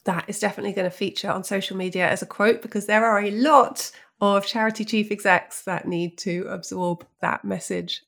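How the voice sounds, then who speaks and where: A woman's voice: mid-range voice, a bit bright. A woman hosting a podcast, asking conversational questions and thinking aloud with enthusiasm. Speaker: podcast host.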